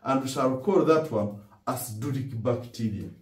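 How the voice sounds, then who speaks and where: A man with a Ugandan English accent delivers a dental classroom lecture in an unhurried, mid-range voice. He asks rhetorical questions, answers them himself, and repeats key words. The recording has a roomy echo, with the speaker distant from the mic.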